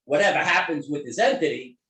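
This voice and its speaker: A man's voice: fairly high pitch, fairly quick, far from the mic. Middle-aged guy on a zoom call telling a story, voice jumps all over, swears a lot, echoey room. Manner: animated, emphatic, swears freely. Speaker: guest therapist. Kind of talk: casual storytelling interview. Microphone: video call.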